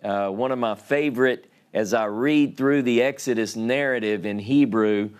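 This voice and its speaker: A man's voice: mid-range voice, normal speed. A man with a Louisiana Southern accent teaching a Sabbath Bible lesson, reading scripture aloud and explaining Hebrew words.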